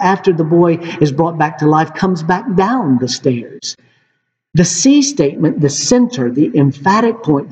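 A man's voice: a little high, darkish tone. A man preaching a sermon in an earnest way, often calling his listeners friends. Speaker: pastor. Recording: dull reverberant hall recording.

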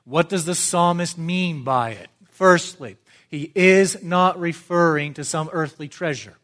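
A man's voice: on the high side, a little slow, fairly bright tone. A man preaching an expository sermon as pastor, structured and emphatic, repeating phrases for stress. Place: church.

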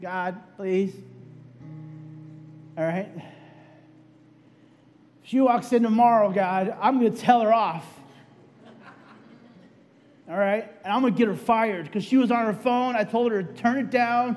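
A man's voice: extremely high pitch, measured pace, pauses often, a little mellow, faint music behind. A man preaching a sermon, telling a personal story in a conversational way with frequent "right?" asides, then leading a prayer. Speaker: pastor.

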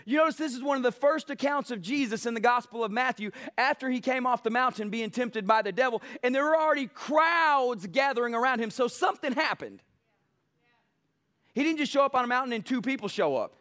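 High-voiced preacher man. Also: animated, fairly quick. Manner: emphatic, building passion, mocks soft quotes. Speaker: pastor. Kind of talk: sermon.

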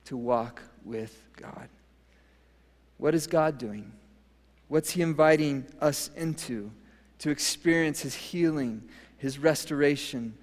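A male pastor with a fairly high voice preaches in a church, repeating phrases with rising emphasis and little laughs between points. His words carry a long reverb from the big sanctuary, and in prayer he sinks to a soft, almost whispered tone. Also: slow. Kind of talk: sermon ending in a prayer. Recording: long reverb of a large hall.

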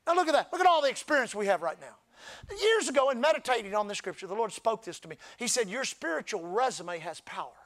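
A man with a very high voice preaches to his church, moving between quiet talk and loud shouting. He calls out for the crowd to repeat words after him. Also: sing-song, fast. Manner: preaching, often rising to shouts with crowd call-and-response. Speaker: pastor. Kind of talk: sermon. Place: church service.

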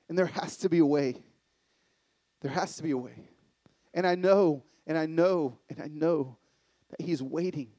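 A middle-aged man giving a sermon-style talk from a live event stage, swinging from excited loud bursts to hushed, intimate lows. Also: dry recording. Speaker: conference speaker.

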